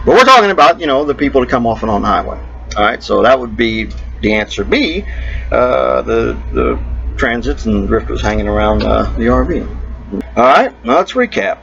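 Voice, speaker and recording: A man's voice: mid-range voice, big pitch swings, normal speed, creaky, a bit bright, highs cut off. A man hosting an RV vlog, telling a quiz and a joke in a folksy, chuckling storyteller manner. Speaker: RV vlog host.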